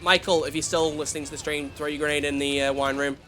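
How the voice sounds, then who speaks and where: A man's voice: on the high side, level tone, fast talker, fairly bright tone. A man streaming a video game, chatting casually with his viewers and poking fun at himself. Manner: chatty, self-deprecating, talks to chat. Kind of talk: casual livestream chat. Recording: faint music behind.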